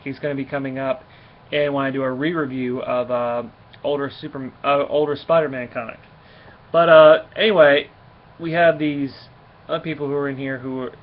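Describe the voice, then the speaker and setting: A man casually reviewing a comic book, rambling along with lots of fillers and restarts. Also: medium pitch. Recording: dull lo-fi recording with faint hiss.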